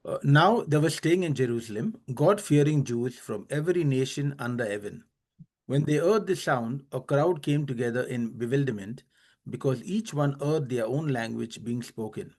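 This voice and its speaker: A man in a Bible study group reading scripture aloud in a steady, plain voice. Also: medium pitch, moderate pace.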